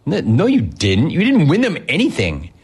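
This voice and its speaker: A man's voice: fairly high pitch, wildly swooping pitch, normal speed, a little mellow, slightly rough. A man hosting a sports talk show, ranting in a sarcastic, mocking, incredulous way. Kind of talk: opinionated sports rant.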